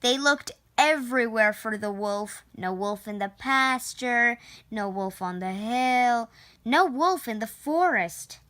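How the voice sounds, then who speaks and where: Slow, bright-voiced woman reading a picture book. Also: on the high side. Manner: slow, clear, expressive read-aloud. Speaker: storyteller. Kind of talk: reading a children's book aloud.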